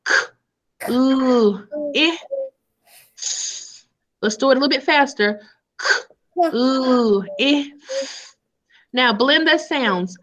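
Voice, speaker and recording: Slow sing-song woman teaching phonics. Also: sits high, fairly bright tone, rough recording. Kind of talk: live online phonics lesson for young children. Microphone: video call.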